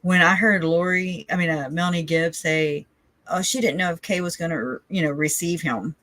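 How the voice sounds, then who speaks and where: A woman's voice: sits low, moderate pace, a bit bright, dry recording. A woman from the Southern United States hosting a casual livestream, rambling and chatty, often laughing between her thoughts. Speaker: livestream host.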